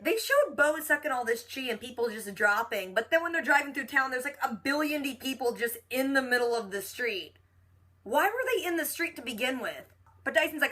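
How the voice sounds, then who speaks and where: A young woman casually recapping a TV episode, chatty and animated, retelling scenes with quoted lines and lots of filler words. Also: fairly high pitch. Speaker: reaction channel host.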